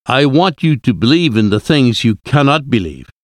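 A man reading the lines of a grave older male professor in a solemn, measured way. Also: medium pitch, very animated, no room sound, studio quality, voice pushed up, close to an everyday voice.

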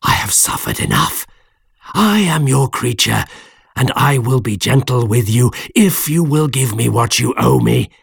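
A man voicing a huge, lonely male monster who pleads slowly and menacingly in an audiobook reading, with a husky, gravelly voice. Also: mid-range voice, big pitch swings, no room sound, clean studio sound, heavily acted. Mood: pleading. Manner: slow, drawn-out pleading delivery. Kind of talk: audiobook character voice.

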